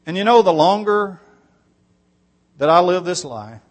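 With a long hall echo around him, a preacher reads from scripture and speaks emphatically, building up on repeated phrases. His voice sits high with lively intonation at a measured pace.

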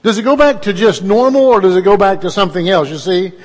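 A man's voice: sits high, fast, big-room sound. A middle-aged man, preaching a conversational sermon in a folksy, storytelling way and putting questions to his listeners.

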